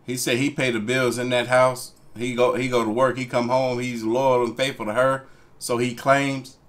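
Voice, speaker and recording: A man hosting a reaction video, commenting on clips in an incredulous, animated way. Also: medium pitch, normal speed.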